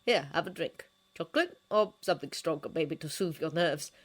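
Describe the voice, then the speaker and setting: A woman reading a fanfiction story, voicing a smooth-talking older male ruler who is patient and condescending. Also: deep voice, normal speed. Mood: coaxing.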